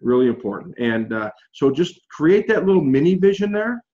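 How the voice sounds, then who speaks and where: A man's voice: a little high, very animated, normal speed, warm tone, muffled recording. Chatty encouraging male group coach. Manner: chatty, encouraging, heavy on fillers. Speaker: group coach leading a call. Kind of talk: casual group coaching talk.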